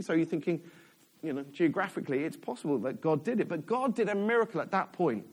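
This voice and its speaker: A man's voice: on the high side, very animated, quick pace. A man, a church elder, giving a chatty, self-deprecating sermon in a church.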